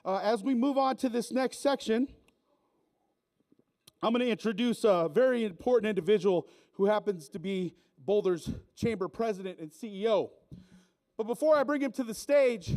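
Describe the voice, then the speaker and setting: A man's voice: high-pitched, darkish tone. A man working a live event crowd as emcee, teasing the audience in a playful, joking way on a stage mic. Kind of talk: live comedic emcee set.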